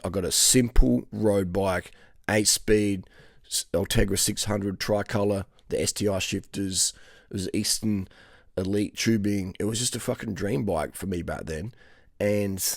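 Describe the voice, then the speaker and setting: Australian male cycling vlogger in his forties, gravelly, foul-mouthed and animated storyteller. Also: on the low side, normal speed, no echo, clean studio sound. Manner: profane, animated, slangy, frequent "mate" and "man". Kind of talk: casual storytelling monologue.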